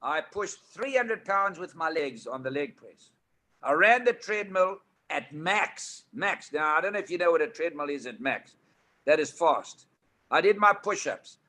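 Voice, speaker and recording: An older man from South Africa spins anecdotes as a guest on a talk show. His voice is bright and forceful, pitched a little high. He tells his stories with lively, animated delivery. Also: a little slow. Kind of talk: storytelling chat.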